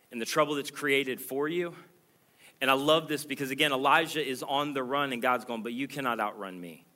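A man preaching a sermon with a bright, forceful tone. His delivery is earnest and emphatic, often rising in pitch and volume as he drives home a point. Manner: earnest, emphatic preaching that swells louder and higher. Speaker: pastor.

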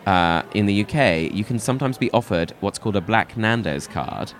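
A man's voice: on the low side, animated, normal speed. A man with a southern English accent, from North Kent, trading jokes in casual comedic chat and laughing often. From England, North Kent.

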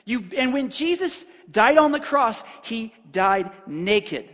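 A man's voice: very high voice, lively intonation, slow, fairly bright tone, in a large hall. A man preaching a sermon, emphatic and conversational, often breaking off and restarting his sentences. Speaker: pastor.

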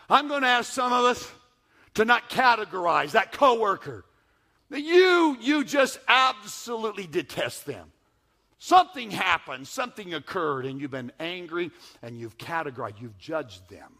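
A man preaching a sermon as pastor, moving from hushed lines to loud emphatic ones and slowing down to repeat key phrases. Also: sits high.

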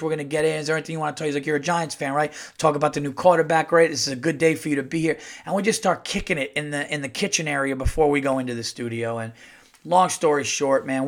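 A middle-aged man, a comedian hosting his podcast, telling a casual story and acting out the dialogue. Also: medium pitch. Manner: animated, acts out quoted dialogue.

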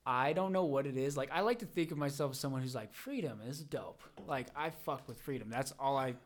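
A man's voice: medium pitch, fast talker. Young man rambling through a casual story. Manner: rambling, animated storytelling with many fillers and acted-out quotes. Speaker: podcast guest. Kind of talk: casual chat.

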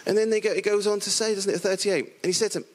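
A middle-aged man from the area preaching a lively, playful sermon, acting out the characters in the stories he tells. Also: high voice, quick pace. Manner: playful, animated storytelling with voiced characters.

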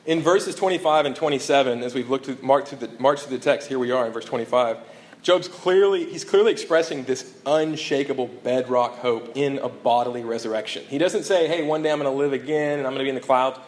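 A man preaching a sermon as pastor, earnest and emphatic, falling to a hushed tone on key lines, with conversational restarts and fillers. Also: mid-range voice, low-quality recording.

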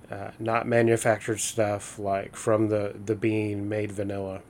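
A man's voice: fairly low pitch, a little hiss or hum. A man in casual, earnest storytelling, using folksy fillers and restarts as he reflects. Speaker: host of a reflective talk.

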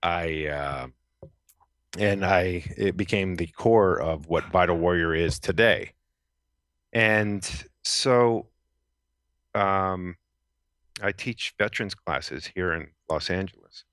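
A man's voice: deep voice, takes it slowly, pauses often, fairly bright tone, no room sound, studio quality. A middle-aged man, a military veteran, telling his story as a podcast guest in an earnest, rambling way with many fillers and restarts. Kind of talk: casual storytelling interview. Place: Los Angeles.

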